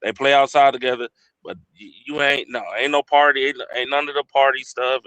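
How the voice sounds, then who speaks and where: Male panelist, bright forceful tone, halting stuttered speech, blunt. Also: medium pitch, flat delivery, smooth, no room sound. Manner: halting, stutters and restarts, blunt street talk. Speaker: panel guest. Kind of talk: casual podcast debate.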